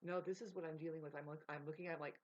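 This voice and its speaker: A woman's voice: deep voice, steady tone, very fast, darkish tone. A woman vlogging in a rambling, profane casual monologue, laughing mid-sentence. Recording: dull lo-fi sound.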